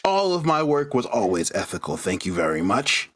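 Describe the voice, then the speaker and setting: A man's voice: on the low side, very animated, normal speed, a bit bright, slight background noise, pitched below the performer's own voice. A man voicing a huffy, self-righteous game character who insists his work was proper. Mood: indignant.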